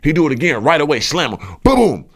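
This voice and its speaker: A man's voice: a little high, quick pace. A man hosting a podcast, telling a story in casual slangy speech and acting out the quoted lines in a raised voice. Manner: animated, acts out quotes in raised voice; slangy, profane. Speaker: podcast host.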